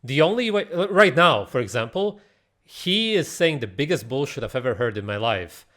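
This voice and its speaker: Man, reaction host, casual rant, blunt, sarcastic, mid pitch. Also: normal speed. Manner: blunt, mocking, animated, swears. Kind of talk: casual ranting commentary.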